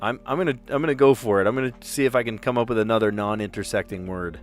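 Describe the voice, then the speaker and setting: A man's voice: fairly low pitch, fast, faint music behind. A middle-aged man, a teacher, chatting casually as he solves word puzzles aloud, muttering letters and laughing at himself.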